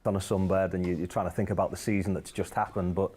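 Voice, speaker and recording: A man interviews a football manager in a friendly, conversational way. His voice sits low, and he asks his questions plainly. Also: little pitch movement, quick pace, a little mellow, breathy edge. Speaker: club interviewer. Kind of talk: media interview.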